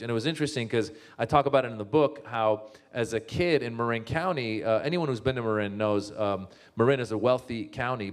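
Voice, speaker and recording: A man who grew up in Northern California and speaks, telling comic stories about his family and laughing often. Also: medium pitch. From born in Iran, grew up in Northern California. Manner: animated, laughing, acts out family members' voices. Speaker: comedian and author, guest speaker. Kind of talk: comic storytelling talk.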